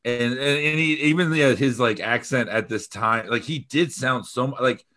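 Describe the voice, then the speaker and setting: A man's voice: mid-range voice, moderate pace, sharp tone. A man co-hosting a podcast, talking in long rambling runs with casual swearing and frequent laughter. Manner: rambling, profane, laughs often. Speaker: podcast co-host.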